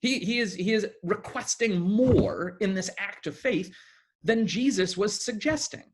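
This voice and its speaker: Husky-voiced man preaching conversationally. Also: high voice, measured pace. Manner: conversational, restarts often, animated retelling. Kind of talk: sermon.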